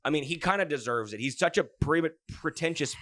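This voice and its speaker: A man hosting a casual sports podcast, telling stories in an animated, jokey way with plenty of swearing. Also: fairly high pitch, brisk. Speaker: podcast host.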